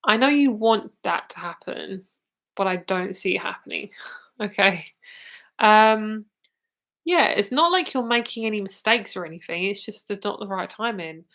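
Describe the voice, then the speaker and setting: A woman's voice: medium pitch, animated, normal speed, fairly bright tone. A woman giving tarot readings on a live stream, chatty and blunt, laughing often and tired enough to yawn. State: tired, yawning. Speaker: tarot reader.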